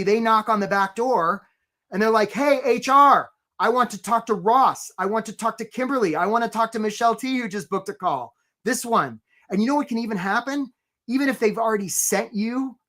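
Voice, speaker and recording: A man's voice: high-pitched, fairly bright tone. A man hosting a live career webinar, talking energetically and conversationally and often checking in with "right?".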